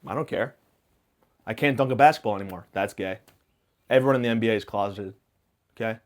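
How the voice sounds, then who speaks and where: A man hosting a podcast, rambling through a self-mocking comic monologue full of absurd tangents and deadpan hot takes. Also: fairly low pitch, fast talker. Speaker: podcast host.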